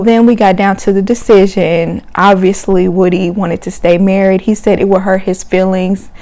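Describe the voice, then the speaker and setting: A woman's voice: medium pitch, darkish tone. Woman doing a chatty reality tv recap, slangy and gossipy, voice right in the middle, laughs a lot. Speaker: reality TV reviewer, channel host. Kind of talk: casual chatty recap vlog. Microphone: camera mic.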